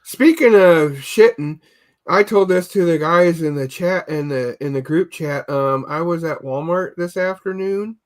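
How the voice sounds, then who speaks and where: A man's voice: fairly high pitch, measured pace. A man on a casual streamed podcast chat, telling rambling comic stories and stumbling over repeated words. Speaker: podcast co-host.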